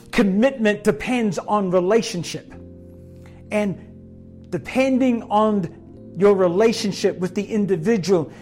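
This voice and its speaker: A man with a high voice preaches a sermon. He urges his listeners earnestly and leans on repeated phrases for emphasis. Faint music plays behind him. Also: darkish tone.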